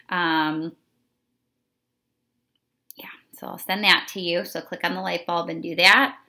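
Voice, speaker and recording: A woman teacher giving a slow, patient remote lesson to young children, drawing out her words. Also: low-pitched, gravelly, sharp tone.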